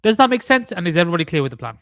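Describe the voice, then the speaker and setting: A man's voice: high-pitched, very animated, rapid-fire, fairly bright tone, no echo. A young man hosting a live trading stream, mixing chart analysis with rambling, mock-serious joking rants.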